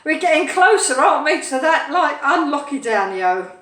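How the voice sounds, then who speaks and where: A woman's voice: high-pitched, big pitch swings, moderate pace, fairly bright tone, echoey room, recorded from a distance. A woman hosting a casual live cooking stream from her home kitchen, chatting playfully with viewers as she cooks. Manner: chatty, playful, sing-song asides. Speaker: cooking show host.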